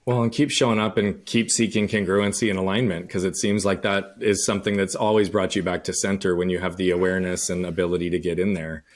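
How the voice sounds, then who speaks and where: A male podcast host with a very low voice. He asks his questions calmly and reflectively, and affirms his guest as he goes. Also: fast talker, few pauses. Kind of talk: interview questions.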